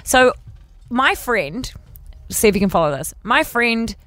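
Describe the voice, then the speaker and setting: A woman's voice: a little high, unhurried, no room sound. A woman with a New Zealand accent, co-hosting a casual radio show and telling stories in a chatty way, acting out the people she quotes. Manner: chatty storyteller, animated quoting. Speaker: radio host.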